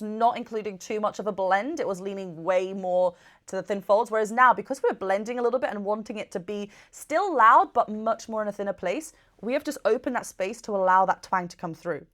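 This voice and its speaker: Woman vocal coach, mid-pitched, eager reaction-video breakdown with quick sung examples. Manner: enthusiastic, explains technique, sings short demo notes.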